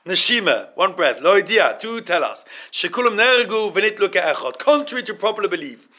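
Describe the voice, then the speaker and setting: A man's voice: high voice, big pitch swings, normal speed, bright, forceful tone. A man giving an informal Torah class. He stops and repeats words, mixes Hebrew terms into his English, and asks his students questions.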